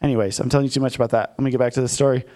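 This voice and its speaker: A man's voice: medium pitch, fairly even intonation, very fast, dark tone. A man in his thirties, a pastor telling a personal story in a candid, self-deprecating conversational sermon to his congregation.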